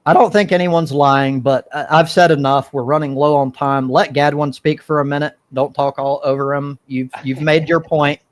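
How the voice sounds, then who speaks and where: A man hosting a live-stream debate, stepping in calmly to keep order and ask questions over a video call. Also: a little high, moderate pace, few pauses. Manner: calm, interrupts to restore order. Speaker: host and moderator.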